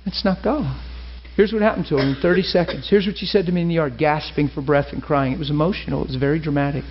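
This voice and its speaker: A man's voice: quick pace, husky. A man preaching an impassioned sermon, telling a personal story with emphatic, rising delivery. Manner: emphatic, rising into a high strained preaching pitch. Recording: dull lo-fi sermon recording.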